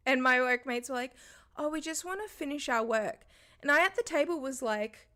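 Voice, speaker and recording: A woman's voice: high voice, moderate pace, sharp tone. A young woman, telling a story in a casual livestream, swearing freely and laughing often.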